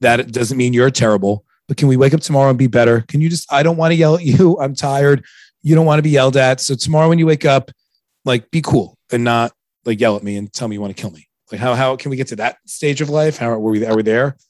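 A man's voice: medium pitch, fast talker, a little mellow, no room sound, studio quality. A man in his thirties hosting a casual chat, joking and rambling, often stumbling over his words. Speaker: podcast host.

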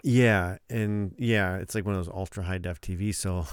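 A man's voice: low-pitched, steady tone, moderate pace, smooth, no echo, studio quality. A man co-hosting a casual chat about a movie, rambling with lots of fillers. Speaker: podcast co-host.

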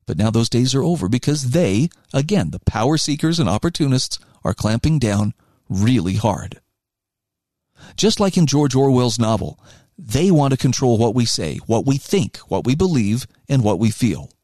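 A man's voice: mid-range voice, very animated, normal speed, darkish tone, dry recording. Earnest man in a dry room. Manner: earnest, emphatic reading with asides. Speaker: commentator. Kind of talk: reading and commenting on an article.

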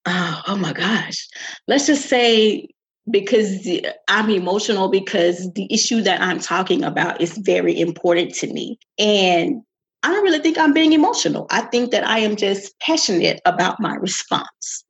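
A woman's voice: mid-range voice, normal speed, vocal fry. A woman in casual conversation, upbeat and playful, laughing easily. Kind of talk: casual chat. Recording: dull lo-fi sound.

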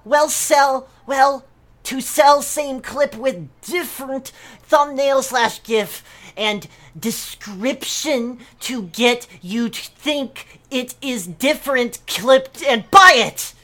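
A pompous, indignant poster in broken grammar, as a woman reads the post aloud. The lines come slow and grand, pitched a little high for a woman, with outbursts of outrage at the sellers. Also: lively intonation, fairly bright tone. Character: indignant non-native forum poster ranting about scammers. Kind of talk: dramatic reading of a forum post.

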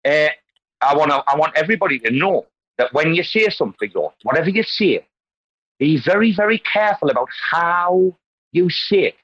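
A man's voice: a little high, expressive, normal speed, a bit bright, dull audio. A man hosting an online community call, talking casually and animatedly as he wanders into tangents and lectures about word stress. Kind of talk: casual group call chat.

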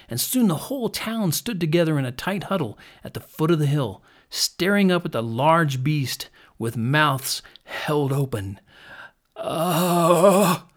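Male storyteller reading a children's tale, animated, shifts between hushed and lively. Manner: expressive, drops to a hush at quiet moments; builds in pitch and loudness as the action rises.

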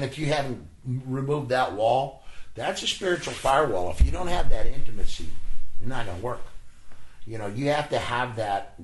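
A man who works in hospice, telling earnest, animated stories as an interview guest and acting out the voices he quotes. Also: mid-range voice, a little hiss or hum. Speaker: hospice worker and spiritual guide, interview guest. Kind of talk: conversational storytelling. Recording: echoey room with faint ambience.

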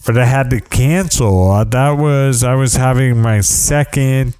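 A man's voice: mid-range voice, unhurried, darkish tone, smooth, no echo. A middle-aged man telling a rambling, wry story in casual monologue, often restarting his sentences.

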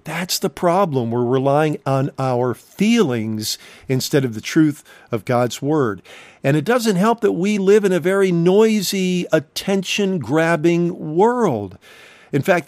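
A male preacher delivers a sermon slowly and deliberately, pressing his points with rhetorical questions. His voice sits somewhat high. The sound is dry and close. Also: darkish tone, dry recording. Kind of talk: recorded sermon.

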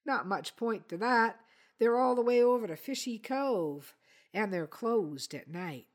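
Woman doing a gruff old Newfoundland man. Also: on the high side, animated, unhurried, voice pushed up. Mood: wry teasing. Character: older man, tough, dry-humored, wry.

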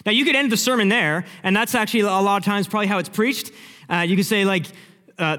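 A young man preaching a sermon, telling the story vividly and acting out the scenes, dropping from loud to hushed. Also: sits high, fast talker. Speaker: pastor. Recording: long hall reverb.

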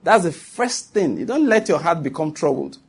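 A man's voice: fairly high pitch, sing-song, moderate pace, creaky, breathy edge. A man preaching a sermon to his congregation, emphatic and repetitive, often turning to check that his listeners follow him.

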